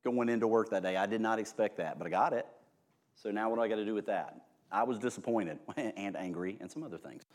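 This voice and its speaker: A man preaching an informal, humorous sermon, joking at his own expense and swinging between hushed and loud delivery. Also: fairly low pitch, quick pace. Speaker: pastor.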